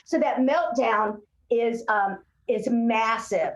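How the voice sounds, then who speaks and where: Slow-paced and a little high, this woman's voice has a dull quality and echoes around the room. A speech-language pathologist chatting as an interview guest, she tells lively stories and acts out quotes from kids and parents.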